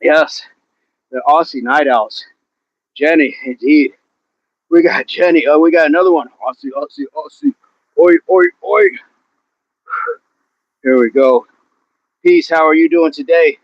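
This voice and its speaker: A man's voice: a little high, normal speed, pauses often, dull audio. A man hosting a fitness livestream outdoors, chatting with viewers and counting his reps, slightly out of breath. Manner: grunting rep counts between casual chat with viewers. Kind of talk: live workout chat with counting.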